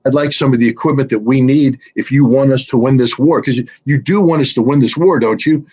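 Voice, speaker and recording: A man's voice: medium pitch, a little fast, darkish tone, husky, close to an everyday voice. A man mimicking a wheedling president begging for arms. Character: pleading wartime president, middle-aged man.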